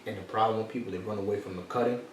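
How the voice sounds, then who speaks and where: A man's voice: lowish voice, steady tone, rapid-fire, recorded from a distance. A man, telling a personal story as a motivational podcast host. He repeats his key phrases like a preacher. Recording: echoey room, off-mic, faint noise.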